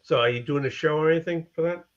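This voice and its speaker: A man's voice: a little high, fast talker, muffled recording, crowd noise. A man ribbing the others with crude jokes in a casual group chat.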